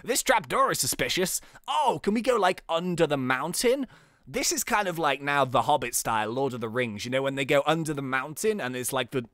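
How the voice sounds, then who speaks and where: A young man hosting a gaming channel, giving chatty, excitable play-by-play commentary and often laughing at the game. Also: fairly high pitch, no echo, clean studio sound.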